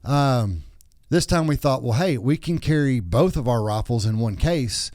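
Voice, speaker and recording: A Texan man in his thirties or forties hosts a podcast, chatting casually and telling stories in a crude, joking, rambling way. His medium-pitched voice is animated and darkish, a little slow, and the recording is dry with clean studio sound.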